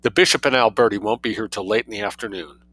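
A man voicing a suave, mischievous young man who spins outrageous tales with cool calm. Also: lowish voice, fast talker, no room sound. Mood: sly, unruffled.

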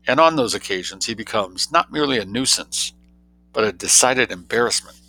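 A man reading an audiobook, voicing a droll young gentleman who tells tall tales in an arch, quick, mock-grave way. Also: fairly low pitch, lively intonation, voice pushed up, poor audio.

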